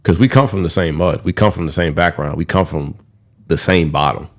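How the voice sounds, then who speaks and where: A young man hosts a podcast in a low voice, talking a little fast. He speaks candidly and rambles casually, swearing freely.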